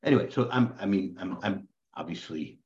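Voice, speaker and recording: Animated man teaching a Bible class. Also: low-pitched, fairly quick. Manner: animated, joking, self-described ham. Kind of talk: lively classroom lecture. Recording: dull lo-fi recording.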